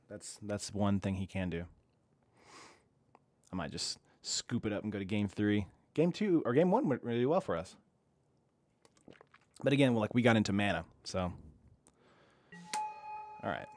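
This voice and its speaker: A man's voice: lowish voice, animated, a little slow, pauses often, darkish tone, dry recording. A young man casually commenting while he streams an online card game, chatty and self-deprecating, reading viewers' chat aloud.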